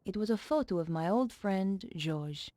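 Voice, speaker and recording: A woman's voice: medium pitch, lively intonation, normal speed, dark tone, dry recording, close to an everyday voice. An actress voicing a female journalist heroine, narrating her thoughts in a dry, matter-of-fact way. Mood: calm.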